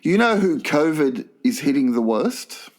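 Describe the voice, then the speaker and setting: A man's voice: a little high, measured pace. A man co-hosting a crude comedy podcast, teasing his partner and acting out the people in his stories. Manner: deadpan teasing, acts out voices in his stories. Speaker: podcast co-host. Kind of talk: crude casual comedy chat.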